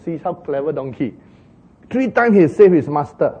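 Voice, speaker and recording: Animated husky preacher retelling a Bible story. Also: male voice, a little high, normal speed, lo-fi sound. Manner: animated, laughing, acts out the donkey and Balaam in exclaiming voices. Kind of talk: sermon storytelling.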